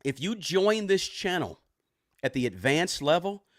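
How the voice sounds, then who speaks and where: A man hosting a personal finance live stream, casually reading viewer comments and shouting out where they tune in from, in a relaxed, conversational way. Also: fairly high pitch, measured pace, no room sound, clean studio sound. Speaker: personal finance livestream host. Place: home room with record player and bookshelves.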